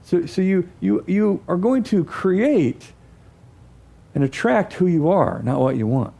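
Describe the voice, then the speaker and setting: A man with a high-pitched voice gives a teaching talk to an audience. He is animated and acts out his examples. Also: measured pace, gravelly. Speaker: speaker.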